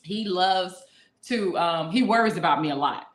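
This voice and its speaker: A woman's voice: on the low side, animated, normal speed, echoey room. A woman co-hosting a casual live podcast with her husband, reading out viewer questions with lots of laughter and teasing. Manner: playful, laughing, reads viewer comments aloud. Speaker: podcast co-host. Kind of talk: casual live-stream chat.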